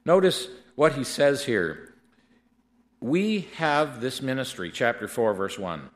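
Animated middle-aged male preacher. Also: medium pitch. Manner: animated storytelling, slows down for scripture. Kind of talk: sermon with personal story.

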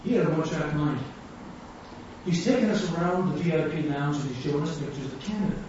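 A man preaching a sermon, telling stories with animated quotes and frequent laughter. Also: a little high, fast, slight background noise. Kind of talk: sermon with storytelling. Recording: echoey distant hall sound, dull.

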